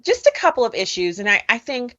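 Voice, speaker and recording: A woman's voice: a little high, big pitch swings, fast talker, fairly bright tone. Woman radio host on a dull line. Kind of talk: political interview on radio.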